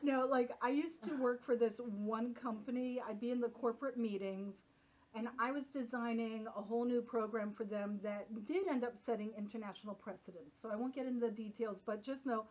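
Workshop leader, woman, lively casual talker, slightly high pitch, muffled lo-fi sound. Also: brisk. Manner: chatty, animated, uses filler like. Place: workshop room. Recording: dull lo-fi recording.

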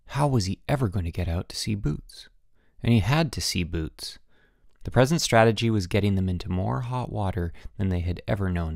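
A man narrating an audiobook in a measured storytelling manner. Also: lowish voice, gravelly, darkish tone, dry recording, studio quality. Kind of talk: scripted narration.

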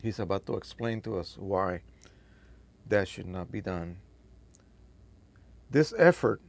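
A man's voice: on the low side, vocal fry. A man from Spain, hosting a photo printing video, reads an old post aloud and breaks in with chatty, emphatic asides.

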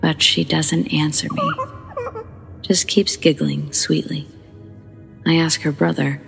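A woman narrating true scary stories as the show's host, dropping into a hushed whisper at tense moments. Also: sits low, slow pace, creaky, long pauses, soft background music. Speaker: horror story narrator. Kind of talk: scripted narration.

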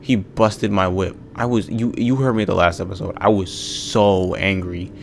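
A man's voice: low-pitched, steady tone, moderate pace, creaky, slight background noise. A young man hosting a let's play, exasperated and ranting at the game, swearing often. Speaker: gaming video host.

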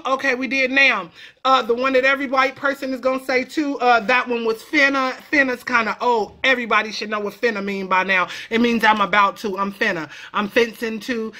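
A woman from California talking in a playful, slangy way as a comedic vlogger teaching a lesson. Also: sits high. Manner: playful, animated, slangy, jumps into character voices.

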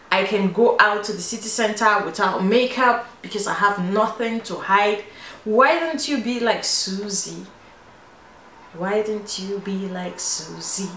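A woman's voice: mid-range voice, fairly bright tone. A young woman with a Nigerian accent, talking through her skincare routine in a chatty, playful way with lots of "like". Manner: chatty and playful, often says "like". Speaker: beauty vlogger. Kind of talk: casual skincare tutorial chat. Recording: echoey room, faint noise.

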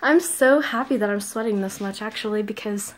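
A woman's voice: medium pitch, fairly quick. A young woman vlogging casually after a workout, out of breath and sighing between phrases. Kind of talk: casual vlog chat.

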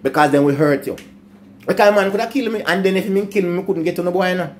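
An older man with a Jamaican accent talks fast in a high-pitched voice over slight background noise. He's telling childhood stories in a casual patois chat, laughing often and turning to his grandsons.

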